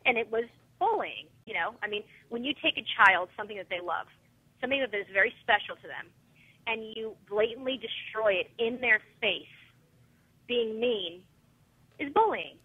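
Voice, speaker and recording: A woman calling in to a radio interview, telling an upsetting story in an animated, agitated way with many fillers. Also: on the high side, moderate pace, husky. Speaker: guest caller, parent of a fan. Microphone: telephone. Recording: tinny phone line.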